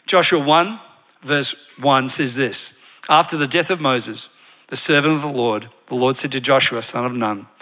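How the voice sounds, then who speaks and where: Bright-voiced energetic male preacher. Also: medium pitch, moderate pace. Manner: energetic, leads congregation call-and-response; animated, digressive storytelling. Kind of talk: sermon.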